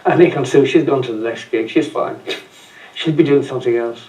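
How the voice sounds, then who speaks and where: A man's voice: mid-range voice, brisk, mellow. An older Irish man making casual chat, giving short, breezy answers. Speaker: reality show contestant. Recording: roomy, picked up from a distance.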